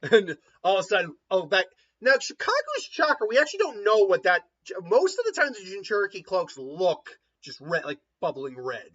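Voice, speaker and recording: A man casually retelling a fan story, rambling and animated with many fillers. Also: high-pitched, normal speed, few pauses, highs cut off.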